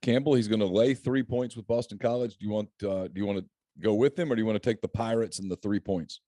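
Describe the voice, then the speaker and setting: Middle-aged guy hosting sports picks, lowish mellow voice, dry close sound, jokey and chatty. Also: quick pace, dry recording. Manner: chatty, joking, laughs often. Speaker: podcast host. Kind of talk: casual sports picks chat.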